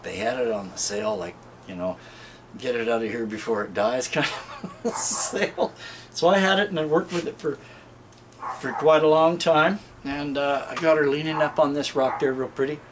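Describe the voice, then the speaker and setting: A man with a medium-pitched voice rambles through a casual garden vlog outdoors, often breaking into chuckles as he talks straight to his viewers. Soft background noise sits behind him. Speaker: gardening video host. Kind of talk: casual show-and-tell vlog.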